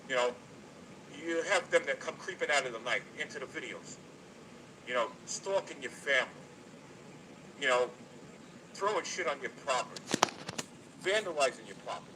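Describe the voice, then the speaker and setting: A YouTuber from New Jersey rants to his livestream viewers over a noisy stream, blunt, cursing, and repetitive. His medium-pitched voice has lively intonation, a normal speed, and frequent pauses.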